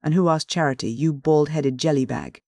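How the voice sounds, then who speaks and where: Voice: medium pitch, moderate pace, vocal fry, mellow, no room sound, studio quality, lightly acted. A narrator voicing a truculent, lean American sea captain who drawls slang with a placid swagger.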